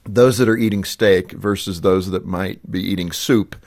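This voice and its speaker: A man hosting a faith radio interview who asks thoughtful, halting questions and gives frequent short affirmations. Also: low voice, fairly even intonation, darkish tone, no echo, clean studio sound. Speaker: radio show host.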